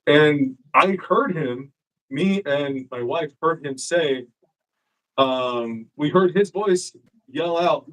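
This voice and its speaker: On a live-streamed show, a male guest with a higher-than-average voice tells a story slowly over poor audio. The chat is casual, and he's profane and animated, acting out the quotes of the people involved.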